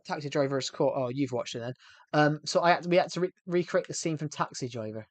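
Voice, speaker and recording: A man's voice: a little high, quick pace, no room sound. Rambling man streaming, dry sound. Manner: rambling, self-correcting, chatty. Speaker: game streamer. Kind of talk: casual livestream chat.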